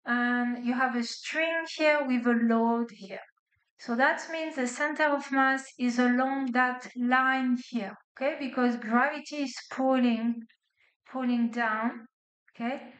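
A woman's voice: high-pitched, fairly even intonation, slow pace, a bit bright. A woman physics lecturer with a non-native accent, explaining step by step and checking in with her students. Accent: non-native English. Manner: explains step by step with frequent "okay?" and "right?" checks. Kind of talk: classroom lecture. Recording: echoey lecture hall.

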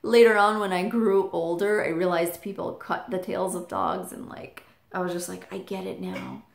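A woman from England, a vlogger telling a childhood story in an animated way, leaping up high when she quotes her child self. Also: normal speed, gravelly. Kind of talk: personal storytelling. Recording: roomy echo.

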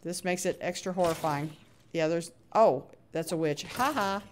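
A woman's voice: on the low side, moderate pace, slight background noise. A woman live-streaming her gameplay, chatting to viewers and greeting them by name, often laughing and humming little sound effects as she plays. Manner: chatty and expressive, hums little sound effects while playing; frequent laughs, jumps between hushed nervous asides and loud cheery greetings.

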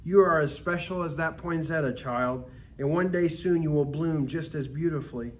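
A man reading the part of a gentle, wise aunt who speaks softly and reassuringly. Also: fairly high pitch, normal speed, natural voice. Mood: gently teaching. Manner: soft, tender, reassuring. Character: gentle, wise middle-aged aunt, kindly and patient.

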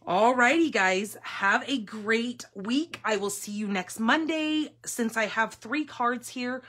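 A woman hosting a live papercraft class, chatting in a gushing, excitable way with fillers as she works at a table in her home craft room. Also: on the high side, takes it slowly. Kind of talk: casual live craft demonstration.

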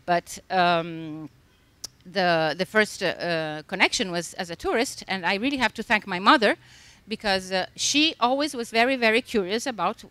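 A woman's voice: medium pitch, normal speed, bright, forceful tone, smooth, no room sound. A woman from Italy, an author talking thoughtfully on a festival panel with many fillers and restarts. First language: Italian. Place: stage at a literary festival.

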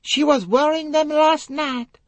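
A man voicing an excitable, emphatic young female lady's maid in an audiobook. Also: very high-pitched, a little slow, dry recording, pitched above the performer's own voice. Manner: emphatic, insistent. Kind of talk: audiobook character voice.

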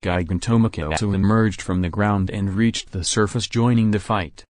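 Low-voiced male story narrator, dry sound. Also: normal speed, no echo. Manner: steady storytelling. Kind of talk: fan fiction reading.

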